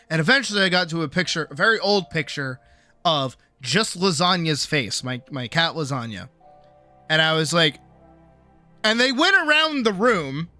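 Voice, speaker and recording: Bright-voiced chatty streamer, faint music. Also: medium pitch, animated, moderate pace. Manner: chatty, swears freely, acts out quoted voices. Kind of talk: casual storytelling chat.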